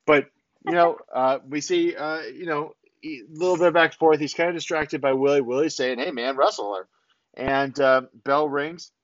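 Fairly high-pitched and at a moderate pace, this podcast co-host gives a lively, casual recap of a wrestling show, performing the wrestlers' lines himself. There's no room sound, and the highs are cut off.

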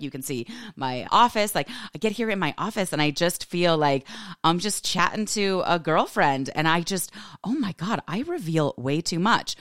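A woman in her forties hosting a podcast in casual chat, candid and animated, swinging up into high excited exclamations. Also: dry recording, studio quality. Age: 40s. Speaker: podcast host. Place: home office.

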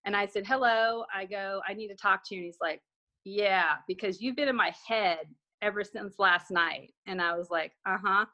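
A woman's voice: mid-range voice, moderate pace, pushed and bright. A woman guest telling a personal story in conversation, acting out remembered dialogue with frequent restarts.

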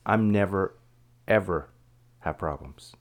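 A woman's voice: very deep voice, slow. A woman hosting a casual podcast, rambling and self-mocking with frequent restarts. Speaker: podcast host.

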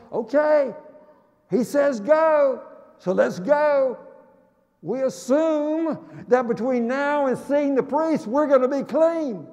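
A man preaching a sermon in a dramatic, emphatic way, slowing down on key words and breaking into sudden loud exclamations. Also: extremely high pitch. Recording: long reverb of a large hall.

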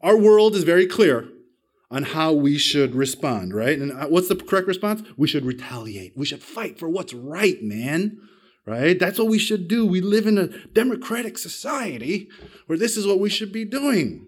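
A man preaching a sermon, telling a personal story with big swings in pitch and loudness, self-deprecating and asking the congregation questions. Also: sing-song, normal speed. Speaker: pastor.

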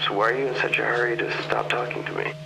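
A man playing a creepy prank caller who talks in a menacing, hushed, teasing way. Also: medium pitch, flat delivery, fast, vocal fry, lightly acted, low-quality recording. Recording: film clip with music underneath.

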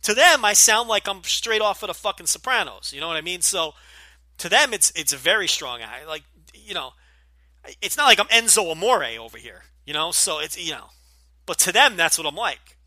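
Jersey guy with a light accent rambling and swearing on his podcast, kinda high, super bright edgy voice. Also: big pitch swings, normal speed, no echo. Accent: light New Jersey. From New Jersey. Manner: blunt, profane, rambling with many fillers. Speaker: podcast host. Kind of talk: casual Q&A podcast.

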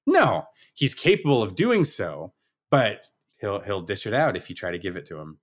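A man co-hosting a casual podcast, reviewing a movie in a relaxed, enthusiastic way. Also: lowish voice, normal speed. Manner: relaxed, enthusiastic, occasional swearing. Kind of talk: casual chat.

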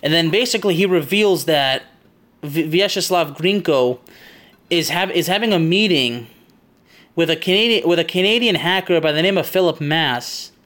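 Recalling a game level from memory, a podcast host with a somewhat raised pitch keeps drifting into tangents and circling back. He's animated, casual, and chatty, laughs readily, and talks at a normal speed with a fairly bright tone.

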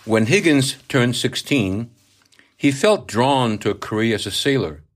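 A man, the author, reading a historical novel aloud in measured narration. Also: medium pitch, lively intonation. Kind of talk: audiobook reading.

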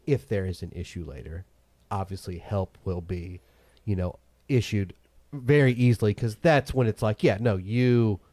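A man's voice: fairly low pitch, normal speed, mellow, dry recording. A man hosting a casual chat, talking in loose, opinionated asides. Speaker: podcast host.

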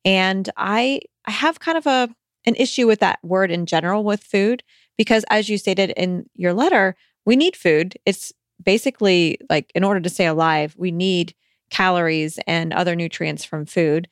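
A woman's voice: medium pitch, normal speed, dry recording, studio quality. A woman hosting a podcast, reading a listener's letter aloud and then giving reassuring, conversational advice with some hesitant restarts.

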